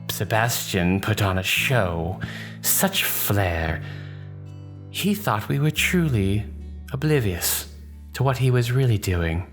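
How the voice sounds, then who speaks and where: Baroness: swooning, scheming noblewoman, high put-on voice, done by a man.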